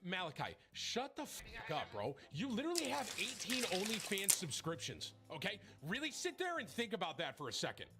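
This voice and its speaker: A man's voice: high-pitched, huge pitch swings, normal speed, few pauses. A man live-streaming a game, reading viewers' messages aloud in a mocking way.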